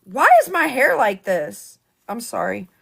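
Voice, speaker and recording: A woman's voice: fairly high pitch, big pitch swings, gravelly, a bit bright, slightly rough. A woman vlogger delivering a heated, profane live rant on politics. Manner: heated, profane, fast-talking.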